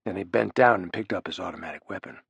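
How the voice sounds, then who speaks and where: A man's voice: low voice, quick pace, gravelly, a bit bright, husky, no room sound, lo-fi sound. A man narrating a thriller audiobook with wry, punchy emphasis, close on the mic.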